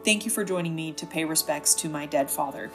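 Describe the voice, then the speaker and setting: A woman's voice: low-pitched, fairly quick, over music. A woman voicing a flustered, earnest young female singer in a casual modern way. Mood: apologetic.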